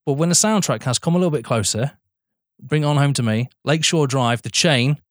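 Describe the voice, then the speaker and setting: A man's voice: medium pitch, brisk, no room sound, clean studio sound. Sweary man chatting films. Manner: sweary, laughing, enthusiastic. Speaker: podcast co-host. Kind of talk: casual film chat.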